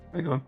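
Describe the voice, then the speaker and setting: A man streaming a game, chatting casually with viewers in a rambling, chuckly way. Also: fairly bright tone. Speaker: gaming streamer. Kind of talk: casual live-stream commentary. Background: faint game music.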